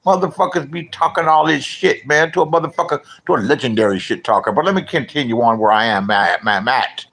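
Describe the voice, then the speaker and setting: A middle-aged man from Los Angeles rambles through casual livestream commentary. He is profane and easily swings into loud rants. His voice sits at an ordinary pitch. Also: a little fast, vocal fry, slightly rough, low-quality recording. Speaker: vlogger.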